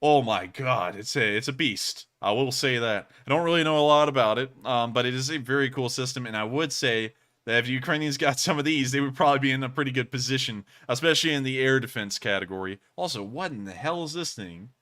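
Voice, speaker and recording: A man hosts a casual livestream, reading and answering viewer donations. His voice is bright and forward, and he talks in an excitable, rambling way, full of fillers and restarts. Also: mid-range voice, a little fast, hardly any pauses.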